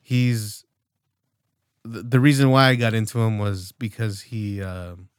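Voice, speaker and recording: Late-20s male podcast co-host, rambling and profane, mid pitch, dry close mic. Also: fairly even intonation, unhurried, clear, resonant tone, dry recording. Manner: rambling, loose, profane, many fillers. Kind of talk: casual podcast chat.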